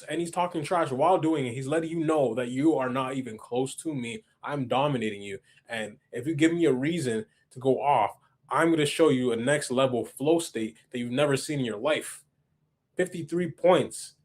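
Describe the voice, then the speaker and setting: A young man hosting a reaction video, talking excitedly, repeating himself and laughing often. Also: on the high side. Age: young adult. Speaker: reaction channel host. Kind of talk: casual reaction commentary.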